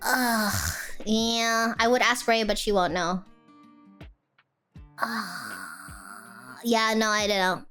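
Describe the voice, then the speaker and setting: Slow-talking playful woman streamer. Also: mid-range voice, very animated, pushed and bright, soft background music. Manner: playful, laughing, teasing. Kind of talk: casual stream chat.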